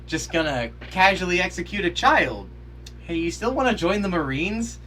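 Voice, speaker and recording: A man with a fairly high, bright, forceful voice reads his irreverent reactions on a podcast. His delivery swings widely in pitch. He is sarcastic and curses casually, with sudden outbursts of mock outrage. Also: sing-song, normal speed, a little hiss or hum. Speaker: podcast co-host. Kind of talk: reading out humorous episode reactions. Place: podcast studio.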